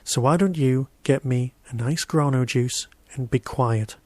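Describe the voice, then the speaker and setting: A spoiled, self-important boy, read by a man, snapping his questions with sharp impatience. The voice sits close and dry, in a middle register. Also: mid-range voice, unhurried, no room sound, lightly acted. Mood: impatient.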